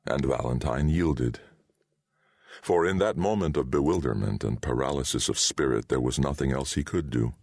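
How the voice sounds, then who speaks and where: A man narrating a fantasy audiobook with a dramatic, expressive reading. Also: extremely low pitch, normal speed, gravelly, dry recording.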